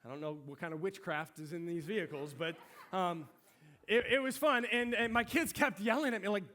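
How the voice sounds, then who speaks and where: Middle-aged pastor guy, high bright voice, chatty storytelling sermon. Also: moderate pace. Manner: storytelling, animated and conversational.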